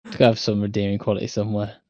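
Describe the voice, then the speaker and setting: A man co-hosts a podcast and talks fast, with blunt, dismissive remarks. His voice is mellow and dark at a middle pitch. It comes through a dull, muffled mic that sounds dry. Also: monotone, no room sound. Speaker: podcast co-host. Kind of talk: casual chat.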